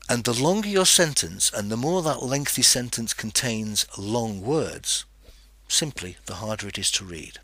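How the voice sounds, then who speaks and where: A man's voice: lowish voice, bright, forceful tone, breathy edge, no echo. A man hosting a teaching podcast, explaining tips step by step and putting questions to the listener. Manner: instructive, poses questions to the listener. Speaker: podcast host.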